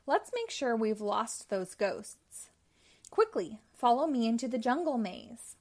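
A woman reading a children's book aloud, voicing a cheerful male Pac-Man in a raised, excited storybook voice. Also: fairly high pitch, a little slow, exaggerated voice.

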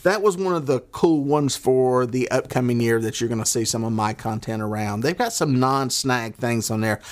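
A man's voice: medium pitch, normal speed. A man with a Southern accent hosting a podcast in a loose, rambling monologue, folksy and full of filler words. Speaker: podcast host. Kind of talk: casual monologue. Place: at a desk.

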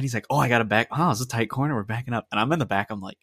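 A man's voice: lowish voice, quick pace, few pauses, a bit bright, no room sound, clean studio sound. A young man co-hosting a podcast, chiming in casually and laughing often. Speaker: podcast co-host. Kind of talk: casual chat.

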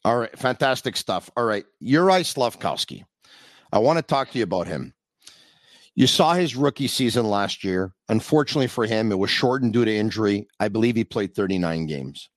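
A man's voice: on the low side, lively intonation, a little fast, dry recording. A man hosting a sports podcast from his home basement, chatting conversationally and setting up questions with long lead-ins. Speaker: podcast host.

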